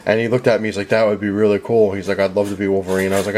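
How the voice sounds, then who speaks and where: A man's voice: lowish voice, level tone, very fast, darkish tone, a little hiss or hum. A young man chatting casually as a vlogger, rambling with lots of fillers and retelling conversations. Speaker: vlogger recapping a comic convention. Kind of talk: casual chat.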